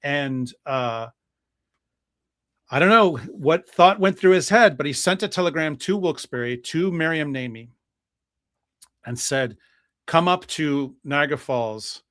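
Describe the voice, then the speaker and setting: Man, priest, storytelling, slightly higher voice, dry close sound, lots of ums and restarts. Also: animated, measured pace, long pauses, a bit bright, no echo. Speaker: guest priest. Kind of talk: storytelling history talk.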